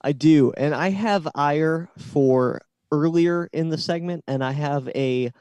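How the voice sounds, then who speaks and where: A man in his thirties co-hosts a casual podcast, his voice a touch high yet mellow and warm. He rambles through stories with plenty of build-up. The sound is dry and close. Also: takes it slowly, no echo. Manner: chatty storyteller with long build-ups. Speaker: podcast co-host. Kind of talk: casual chat.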